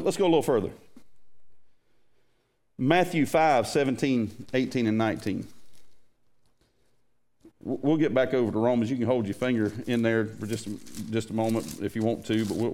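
A man preaching a sermon to his congregation in a folksy, animated way. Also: mid-range voice. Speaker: pastor.

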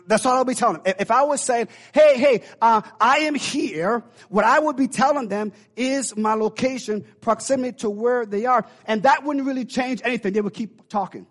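A male preacher with a slightly raised pitch tells a personal story from the pulpit. He circles back on himself, stacking restarts and repeated words. The delivery stays conversational as he builds toward his point. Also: fairly bright tone. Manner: rambling storytelling with many restarts. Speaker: pastor. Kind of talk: sermon.

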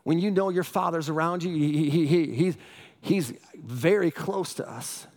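A middle-aged male pastor preaching a sermon, energetic and often asking the congregation questions. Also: on the high side, unhurried.

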